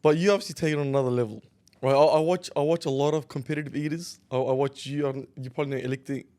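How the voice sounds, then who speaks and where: A man hosting a podcast, asking questions in a relaxed, chatty way. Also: mid-range voice, racing, smooth. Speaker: podcast host. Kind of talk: casual interview chat.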